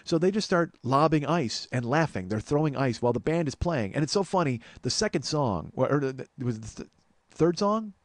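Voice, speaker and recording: A man in his forties hosting a comedy podcast, telling a story in an exasperated, profane, animated way. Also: a little high, a little fast, no echo. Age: 40s. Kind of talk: storytelling monologue.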